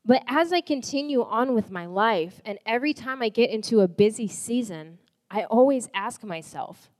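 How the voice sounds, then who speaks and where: A woman's voice: on the high side, expressive, moderate pace, a little mellow. A young woman sharing a personal faith testimony in a candid, conversational way, full of "like" and restarts. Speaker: church volunteer giving a testimony. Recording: long hall reverb.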